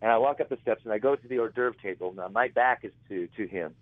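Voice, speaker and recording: Interviewed as an author, a man with a fairly low voice talks fast, spinning rambling anecdotes and often correcting himself mid-sentence in casual storytelling. The audio comes over a tinny, dry phone line.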